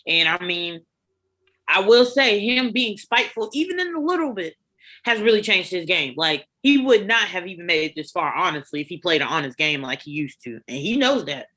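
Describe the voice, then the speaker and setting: Woman, bright voice, lively pitch, expressive, casual review chat. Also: normal speed. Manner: expressive, animated, laughs often. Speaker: co-host reviewing a reality show.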